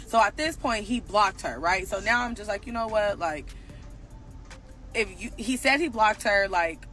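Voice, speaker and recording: Bright-voiced woman telling a blunt story. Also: mid-range voice, moderate pace, soft background music. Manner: blunt, profane, animated retelling. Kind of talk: casual storytime monologue.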